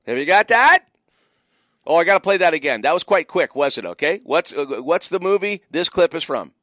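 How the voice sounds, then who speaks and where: A man hosting a radio trivia show, his voice swinging up and down with animated, teasing energy. He keeps repeating the call-in number and needles his listeners. The studio sound is close and dry. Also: on the high side, normal speed, dry recording. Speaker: radio host running a movie trivia call-in. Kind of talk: casual radio call-in chat.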